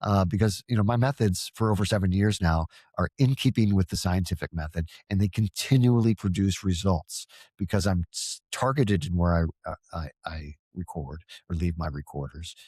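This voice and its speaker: Man with a very low voice, earnest rambling guest, stammered restarts, dry close sound. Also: normal speed, a little mellow, breathy edge, no room sound. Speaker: podcast guest, paranormal field researcher. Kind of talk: casual podcast conversation.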